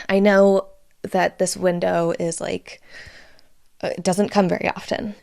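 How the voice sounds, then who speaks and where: A woman's voice: medium pitch, gravelly, darkish tone. A young woman hosting her own podcast, talking casually and candidly, close to tears and swearing freely as she shares news. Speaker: podcast host. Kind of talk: casual solo podcast update.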